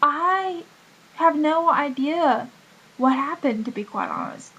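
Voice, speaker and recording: A woman's voice: high-pitched, lively intonation, slow pace, bright, forceful tone, dull audio. A young woman vlogging casually about a doctor's visit, rambling with many fillers and restarts. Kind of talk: casual health vlog.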